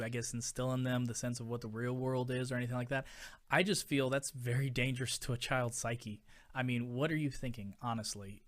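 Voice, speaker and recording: A man's voice: mid-range voice, fairly bright tone. A man in his thirties, a podcast host, ranting casually in an emphatic, exasperated way, with many fillers. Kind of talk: casual opinion rant.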